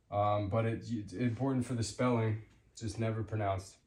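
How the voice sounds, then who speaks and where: A man giving a casual spoken language lesson, hesitant with many fillers, repeating example words slowly. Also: lowish voice, steady tone, a little mellow, reverberant. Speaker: language teacher.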